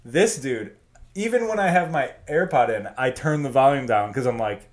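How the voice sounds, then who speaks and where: A man's voice: medium pitch, normal speed. A man co-hosting a podcast, telling crude, joking stories in casual chat. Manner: crude, joking, animated storytelling. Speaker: podcast co-host.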